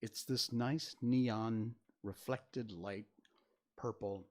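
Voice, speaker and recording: With a medium pitch, a steady tone, and drawn-out words, an older livestream host chats casually from the spare bedroom he uses as a studio. Facing a webcam at his desk, he rambles and reads his chat with deadpan sarcasm.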